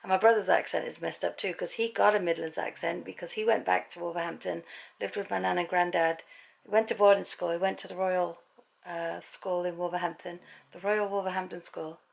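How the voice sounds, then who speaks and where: A woman's voice: on the low side, steady tone, a little fast, vocal fry, low-quality recording. A middle-aged woman from England, chatting and rambling in a casual home vlog at night, laughing easily. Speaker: vlogger. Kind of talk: casual vlog chat to camera.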